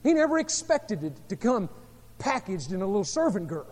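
Pastor, male, high voice, dramatic storyteller, long hall reverb. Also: sing-song, a little fast. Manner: dramatic storytelling with sharp swings in volume. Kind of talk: sermon.

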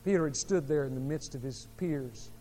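A man preaching a sermon as pastor, telling a story dramatically, with sharp swings between soft and loud. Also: medium pitch, normal speed. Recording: long hall reverb.

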